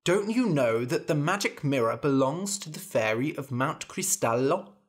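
A man voicing a soft-hearted king who gently pleads with his daughter. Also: a little high, lively intonation, normal speed, close to an everyday voice. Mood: pleading.

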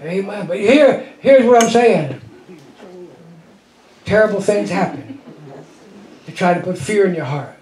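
A middle-aged pastor preaches in a church sanctuary whose walls throw his voice back with a strong echo. His voice sits unusually high for a man. He tells a folksy story with frequent chuckles and keeps the congregation answering back. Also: lively intonation, unhurried, pauses often, darkish tone. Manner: call-and-response with the congregation. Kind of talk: sermon.

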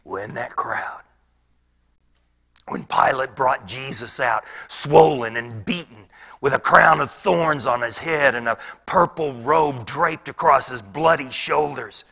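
A pastor playing a former rebel turned peaceful wood carver in a dramatic monologue, his gravelly voice often sinking to a whisper. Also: mid-range voice, slow, heavily acted. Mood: intense. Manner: storytelling that swings from hushed whispers to loud outbursts.

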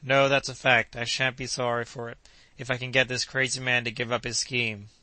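A man voicing a skeptical, stubborn gentleman hunter in an audiobook. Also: medium pitch, flat delivery, fairly quick, dry recording.

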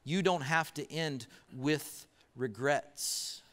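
A man's voice: fairly high pitch, a bit bright. A man preaching a sermon as pastor, telling a story and posing repeated questions to the congregation. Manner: storytelling with pauses and rhetorical questions. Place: church auditorium. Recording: church hall reverb.

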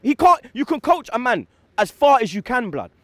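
A young man with an extremely high, bright voice swings wildly in pitch, recorded with no room sound. He's a football fan heatedly ranting after a match, talking fast and emphatically in heavy street slang, repeating "blood" and "yeah" again and again.

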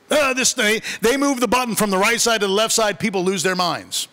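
Bright-voiced man preaching with humor. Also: high-pitched, fairly quick. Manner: conversational, humorous storytelling. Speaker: pastor. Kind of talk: sermon. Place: church sanctuary. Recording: long church reverb.

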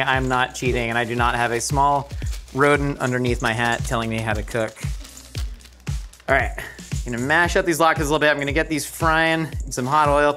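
A man hosting a cooking show, narrating his cooking with rambling jokes and quick anecdotes. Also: medium pitch, sharp tone. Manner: rambling, joking, doing quick voices for anecdotes. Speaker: host and chef.

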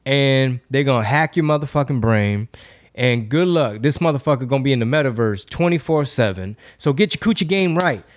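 A man hosting a casual comedy podcast, profane and riffing, slipping into quick impressions. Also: medium pitch, expressive. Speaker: podcast host.

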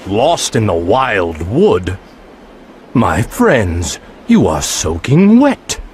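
Narrator doing a grumbly old badger, storybook voice, deep and slow, lively rises and falls. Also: a little hiss or hum, full character voice. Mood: welcoming. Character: gruff kindly old male badger, sleepy host.

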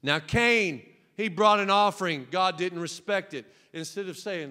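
A man preaching a Pentecostal sermon as pastor, emphatic and joking, dropping to a hush and then rising to loud cries. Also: sits high, expressive, moderate pace. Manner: emphatic, swinging from hushed to loud, joking asides. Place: church sanctuary with balcony. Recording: long church hall reverb.

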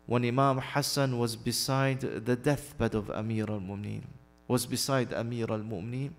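A man's voice: medium pitch, steady tone, moderate pace, big-room sound. A man preaching a mournful sermon, telling a sad story with Arabic phrases mixed in. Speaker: guest preacher. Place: mosque or community hall.

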